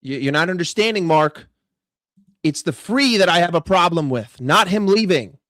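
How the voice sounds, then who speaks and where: A high-pitched man with a New York accent rants in a heated, sarcastic way, swearing freely as he vents about his football club. His voice is recorded close and dry, with almost no room sound. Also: lively intonation, normal speed, a bit bright, no echo. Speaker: football fan vlogger. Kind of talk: ranting fan commentary.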